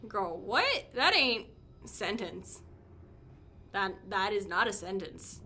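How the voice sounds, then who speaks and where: A woman's voice: mid-range voice, very animated, takes it slowly, pushed and bright, slight background noise. A woman livestreamer chatting casually and playfully with her viewers, giggling and teasing as she reacts. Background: faint game music.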